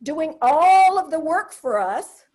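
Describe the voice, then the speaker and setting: Older woman, solo comic monologist; high, very animated pitch, wry and confiding, punchy asides. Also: slow. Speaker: solo theater performer. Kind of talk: comedic solo stage monologue.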